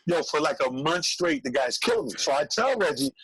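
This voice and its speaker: A man, a comedian telling an animated story on a call-in show, acting out voices. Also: fairly high pitch, a little fast, breathy edge, dry recording, rough recording. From Brooklyn, New York. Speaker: comedian guest.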